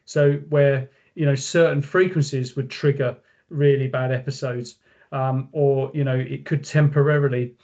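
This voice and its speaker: A man's voice: medium pitch, fairly even intonation, moderate pace, darkish tone. Rambling man on a dull video call. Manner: rambling, many fillers and restarts, acts out quotes in raised voice. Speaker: company director, webinar guest speaker. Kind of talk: casual webinar talk.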